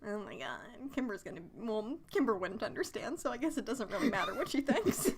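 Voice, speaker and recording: A woman's voice: on the high side, very animated, a little fast, heavy background noise. A young woman co-hosting a podcast, making sarcastic jokes and giggling through a cartoon recap. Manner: jokey, giggly, sarcastic asides. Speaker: podcast co-host. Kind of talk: casual recap chat.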